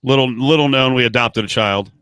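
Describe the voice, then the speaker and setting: A man's voice: medium pitch, brisk, sharp tone, clear, resonant tone, no echo. A man co-hosting a podcast, chatting casually with dry jokes. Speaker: podcast co-host. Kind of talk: casual chat.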